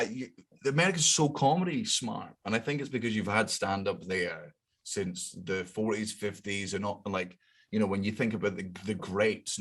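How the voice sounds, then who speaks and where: A Scottish man, a comedian guest in casual chat, animated, laughing often and swearing freely. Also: lowish voice, slightly rough. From Scotland.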